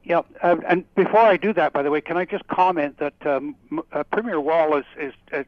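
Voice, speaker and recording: A Canadian man answers radio interview questions in a rambling way, full of fillers and restarts. His voice sits slightly high. The remote line sounds dull and lo-fi but dry. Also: brisk, dry recording. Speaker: guest climatologist.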